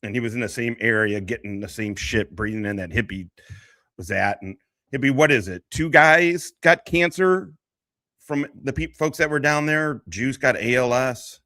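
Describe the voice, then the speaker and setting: A man's voice: mid-range voice, moderate pace, bright, forceful tone, dry recording. A man hosting a casual livestream, talking in a rambling, profane, emotional way. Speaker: livestream host and veteran.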